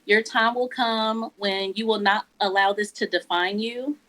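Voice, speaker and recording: A woman's voice: medium pitch, steady tone, a little slow, pushed and bright, rough recording. A woman guest giving a heartfelt personal testimony, emotional and often laughing.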